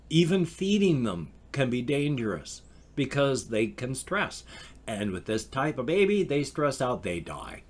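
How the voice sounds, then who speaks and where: A man's voice: mid-range voice, breathy edge. A man in his fifties talking casually and emotionally in a rambling vlog monologue. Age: 50s. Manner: emotional, rambling, talks of crying over animals. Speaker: vlogger.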